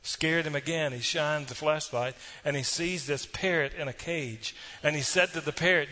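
A man's voice: a little high, moderate pace, few pauses, sharp tone. A man preaching a sermon, telling folksy stories and tossing asides to the congregation. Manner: folksy storytelling with audience asides. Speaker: pastor.

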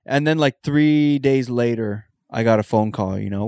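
A man's voice: mid-range voice, moderate pace, few pauses, a little mellow, no room sound, clean studio sound. A man chatting casually, telling an anecdote and making wry, joking asides. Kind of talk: casual chat.

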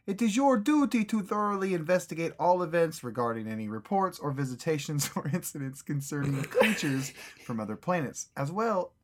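Brief: stern Soviet official with a hammy mock Russian accent, slow and loud, as a podcast host puts it on. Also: male voice, medium pitch, animated, lightly acted. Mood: stern, declaiming. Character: stern male Soviet agency official reading orders.

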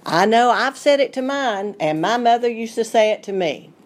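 A woman's voice: fairly high pitch, animated, normal speed. A middle-aged woman with a Southern Appalachian accent, a food writer giving a folksy, chatty radio segment.

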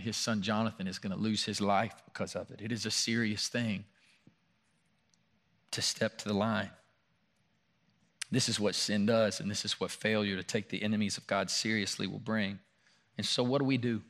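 A man preaching a sermon in a church room, earnest, his voice lifting and growing louder when he reads scripture and dropping quiet during personal stories. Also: on the low side, steady tone, moderate pace. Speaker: pastor.

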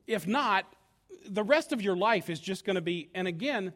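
Animated, high-voiced male preacher. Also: moderate pace. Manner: animated, emphatic preaching with acted quotes. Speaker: pastor. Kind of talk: sermon.

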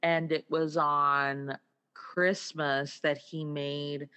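A relaxed speaker chatting casually about food, laughing often. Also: mid-range voice, very slow, clean tone. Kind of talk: casual chat.

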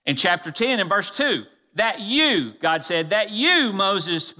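Man, pastor, sermon, high bright voice, emphatic, slows and drops low on key words, church hall reverb. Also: very animated. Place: church sanctuary.

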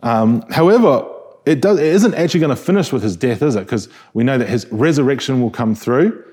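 New Zealand male pastor, mellow husky voice, chatty sermon delivery. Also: medium pitch, animated, brisk. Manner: conversational, restarting phrases, rhetorical questions. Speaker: preacher.

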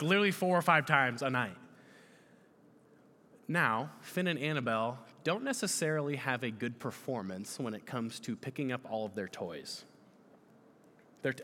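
A bright, lively male pastor in his thirties, swinging his pitch widely as he preaches and quizzes the congregation. His voice carries a long reverb through a large hall. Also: a little hiss or hum. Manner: animated, questioning the audience. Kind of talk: sermon.

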